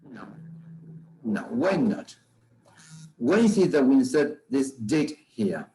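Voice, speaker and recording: Male grammar teacher, slow and deliberate, mellow low-toned voice, keeps checking the class understands. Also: sing-song, slight background noise, poor audio. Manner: measured, often checks understanding with "okay?" and "right?".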